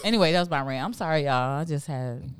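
A woman's voice: deep voice, quick pace, clear, resonant tone, dry recording. A middle-aged woman co-hosting a podcast in casual chat, ranting with swearing and frequent laughs. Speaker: podcast co-host.

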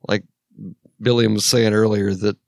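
A man's voice: on the low side, level tone, moderate pace, vocal fry, no room sound. A middle-aged man co-hosting a podcast, joking and rambling with swearing over drinks. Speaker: podcast co-host. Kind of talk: casual chat over drinks.

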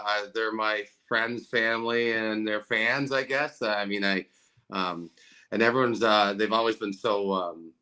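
Earnest man with a bright voice. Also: fairly low pitch. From Canada. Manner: earnest, rambling, with many restarts. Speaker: guest. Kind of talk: casual interview chat.

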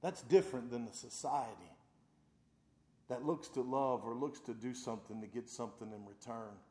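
A man in his thirties preaching a sermon, emphatic and folksy, swinging from loud declarations to hushed talk, in a roomy echoing hall. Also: medium pitch, moderate pace.

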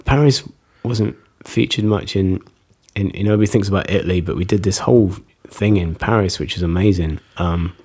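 A man's voice: deep voice, a little fast, hardly any pauses, darkish tone, slightly rough. A man, chatting casually and telling rambling stories with frequent laughs. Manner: rambling storyteller, laughs often. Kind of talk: casual conversation.

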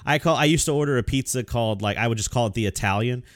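A man's voice: mid-range voice, fast talker, no room sound. A young man co-hosting a podcast, telling stories in casual chat with lots of swearing and laughter. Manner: animated storytelling, swears often, laughs. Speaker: podcast co-host.

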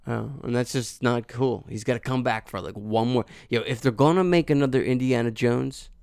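A man's voice: medium pitch, moderate pace, vocal fry, darkish tone, clean tone, dry recording, studio quality. A man hosting a podcast in casual chat, rambling and searching for his words. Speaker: podcast host. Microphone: studio mic.

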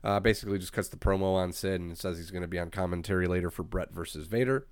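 A low-pitched man with a clear, smooth tone, walking through a wrestling card in relaxed podcast talk. He lists results matter-of-factly, filling pauses with "uh". The recording is dry and close. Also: no room sound. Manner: matter-of-fact rundown with filler "uh"s. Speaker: podcast co-host. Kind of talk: casual wrestling recap.

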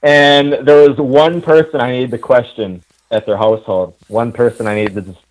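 A man telling a casual anecdote as a guest, animated and laughing often as he acts out the dialogue. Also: medium pitch, normal speed, low-quality recording.

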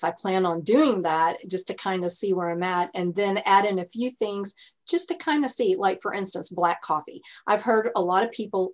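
Woman interviewer, relaxed and agreeable. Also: medium pitch. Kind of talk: casual interview talk.

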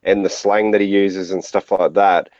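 A man's voice: low voice, flat delivery, moderate pace, a little mellow, no echo, lo-fi sound. A man co-hosting a podcast, talking through his opinions in a rambling way with lots of fillers. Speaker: podcast co-host. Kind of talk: casual chat.

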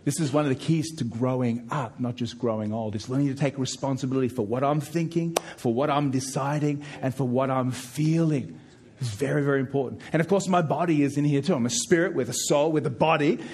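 A middle-aged man preaching a sermon as pastor, emphatic, with frequent repeated words as he pushes key points louder and higher. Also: a little fast, slightly rough.

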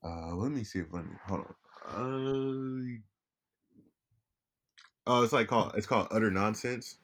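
A man's voice: mid-range voice, measured pace, a bit bright, slight background noise. A young man co-hosting a casual podcast, rambling easily with lots of restarts. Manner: rambling, restarts often, laid-back. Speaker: podcast co-host. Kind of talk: casual chat.

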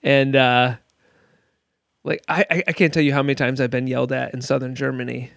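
A man's voice: medium pitch, little pitch movement, a little fast, gravelly, fairly bright tone, no room sound, studio quality. A man hosting a call, reacting enthusiastically, laughing often and using many fillers. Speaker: host. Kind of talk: casual conversation on a call.

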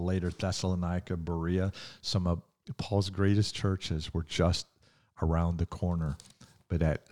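An older man preaching a podcast sermon in a very deep, low voice. He tells the story in a folksy, conversational way. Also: a little mellow. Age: 60s or 70s.

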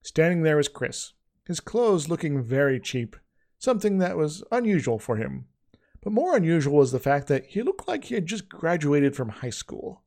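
A man's voice: a little high, big pitch swings, moderate pace, darkish tone. A man reading his own story aloud in a casual way, with frequent slips and restarts.

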